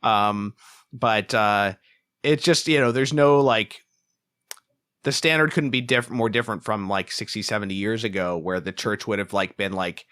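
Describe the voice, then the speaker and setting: A man's voice: lowish voice, moderate pace, a bit bright, clean tone. A man co-hosting a film review podcast in casual chat, rambling with lots of filler words. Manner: rambling, lots of "like" and "you know". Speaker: podcast co-host.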